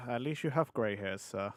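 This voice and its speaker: Easygoing male guest, mid-pitched, self-deprecating. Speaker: guest streamer. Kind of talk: casual chat.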